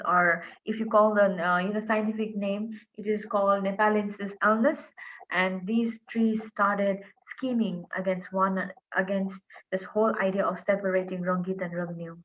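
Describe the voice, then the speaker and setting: A woman telling a folk story in an earnest, animated way, pausing often with fillers. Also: medium pitch. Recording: tinny phone-like line.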